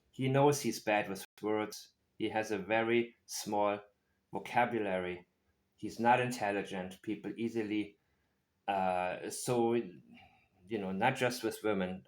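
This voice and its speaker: A man's voice: fairly low pitch, fairly even intonation, unhurried, reverberant. A man hosting a reaction commentary, making dry, mocking asides. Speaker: commentator and host.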